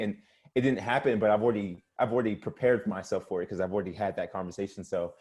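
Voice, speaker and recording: A man with a very low voice talks in an easy, thoughtful way on a panel call. He stretches out key words and builds each point steadily. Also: husky. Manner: reflective, measured, slows to stress points. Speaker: panel guest. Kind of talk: casual panel chat. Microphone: video call.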